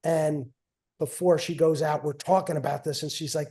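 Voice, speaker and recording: Middle-aged New man, warm, slightly high voice, loose rambling storyteller who repeats himself. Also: fairly even intonation, moderate pace. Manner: rambling, repeats phrases, trails off. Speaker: guest, wrestling coach and father. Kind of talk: casual storytelling.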